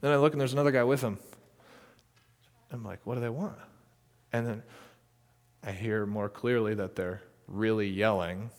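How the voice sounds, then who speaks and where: A man's voice: fairly low pitch, moderate pace, long pauses, in a large hall. A man from the United States telling a story casually, full of fillers and frequent laughter. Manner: animated, laughs often, many fillers. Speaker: missionary storyteller.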